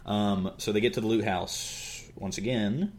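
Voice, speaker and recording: A man's voice: fairly low pitch, unhurried, darkish tone. A young man co-hosting a casual podcast, recapping a story and acting out the characters' lines. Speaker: podcast co-host.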